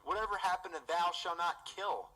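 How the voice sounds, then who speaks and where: An actor playing a foul-mouthed, exasperated game critic, ranting incredulously through a scripted comedic review. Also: male voice, high-pitched, normal speed, bright, forceful tone, poor audio.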